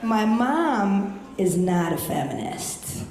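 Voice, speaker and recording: A woman's voice: mid-range voice, sing-song, slow, heavy background noise. A young woman doing a stand-up comedy set, brash and profane with punchy delivery, on a handheld mic at a comedy club stage. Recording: roomy club sound.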